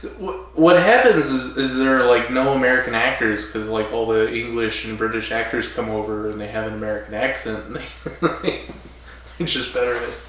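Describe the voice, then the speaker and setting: A man co-hosting a casual podcast chat, animated and rambling, laughing often between his thoughts. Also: mid-range voice, normal speed. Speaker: podcast co-host. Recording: echoey room, mic at a distance.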